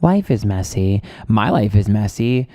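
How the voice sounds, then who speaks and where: A man's voice: on the low side, very animated, measured pace, mellow, dry recording, studio quality. Profane, rambling man telling a story. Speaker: tarot reader hosting a livestream. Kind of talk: casual livestream storytelling.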